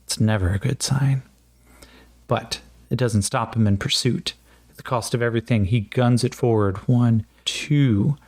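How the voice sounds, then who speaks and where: A man's voice: mid-range voice, measured pace, darkish tone, no room sound. Casual man narrating a solo tabletop game. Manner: casual, thinking aloud with frequent fillers; jokes at his own accent attempts.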